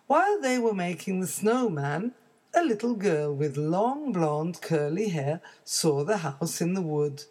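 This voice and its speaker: Slow, expressive woman storyteller. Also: on the low side. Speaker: narrator. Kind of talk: slow storybook read-aloud for learners.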